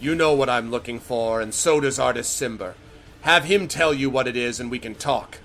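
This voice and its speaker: A man's voice: mid-range voice, moderate pace, gravelly, a bit bright. A man voicing a haughty, mocking female giant leader in a tabletop game. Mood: threatening. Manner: scornful, threatening.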